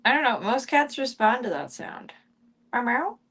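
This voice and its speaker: A woman streaming casually from home, chatting with viewers and talking softly to her cats. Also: a little high, sing-song, normal speed. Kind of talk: casual live-stream chat.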